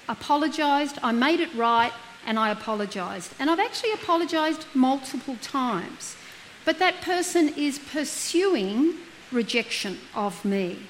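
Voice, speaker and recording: A woman's voice: on the high side, a little hiss or hum, poor audio. A middle-aged woman, a counsellor giving an earnest talk that leans on rhetorical questions and everyday examples. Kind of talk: reflective talk on guilt.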